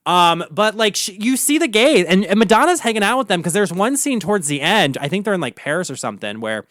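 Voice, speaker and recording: A man's voice: high voice, sing-song, fairly quick, a bit bright, dry recording, studio quality. A man with a Baltimore accent, a drag queen host ranting casually, campy and profane with lots of filler words. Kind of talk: casual solo rant.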